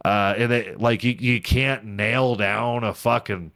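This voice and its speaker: A man's voice: lowish voice, fairly even intonation, a little slow, fairly bright tone. A man hosting a casual comedy podcast, irreverent and sarcastic, swearing freely, laughing at his own jokes and slipping into a mock ad-read delivery. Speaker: podcast host.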